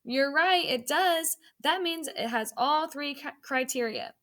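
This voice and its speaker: Woman teacher doing a kids grammar lesson online, high bright voice, slow and encouraging. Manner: slow, clear and encouraging, reading sentences aloud.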